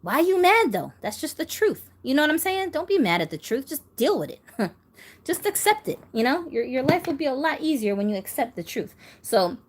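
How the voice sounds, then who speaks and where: A woman's voice: high voice, sing-song, fairly quick. A woman from New York who hosts a doll channel, talking bluntly and casually to her viewers and laughing often.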